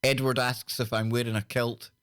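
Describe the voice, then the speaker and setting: A jokey Scottish man hosting a call-in radio show, his voice dry and close with hardly any room around it. He sits at a middle pitch and keeps a playful, bantering tone as he greets listeners one by one. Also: little pitch movement, normal speed, a bit bright, clear, resonant tone, dry recording. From Scotland. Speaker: radio talk show host.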